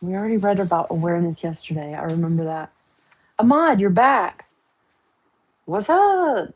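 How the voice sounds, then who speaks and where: A woman's voice: lowish voice, expressive, normal speed, a little mellow, highs cut off. A woman hosting a casual livestream from home, chatting, joking and teasing as she talks. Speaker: livestream host. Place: at home, painting her nails.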